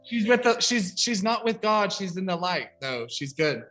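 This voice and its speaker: Chatty young man with a bright voice. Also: sits high, big pitch swings, normal speed, soft background music. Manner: chatty, rambling, full of "like". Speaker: psychic medium giving a reading. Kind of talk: casual spoken reading on a video call.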